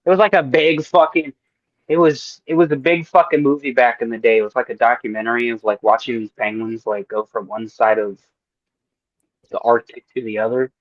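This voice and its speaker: A man co-hosting a podcast, telling stories in a casual, profane, animated way. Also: mid-range voice, brisk, no room sound, highs cut off. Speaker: podcast co-host. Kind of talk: casual storytelling chat.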